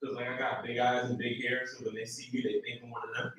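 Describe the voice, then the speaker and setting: A man comic with a mid-range voice rambles through his set, laughing, dropping low and then bursting out loud. He is heard from a distance. The sound carries a heavy club echo. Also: little pitch movement, fast talker. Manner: loose, laughing, swings from mumbling to loud outbursts. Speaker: stand-up comedian. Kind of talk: stand-up comedy set. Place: small comedy club stage.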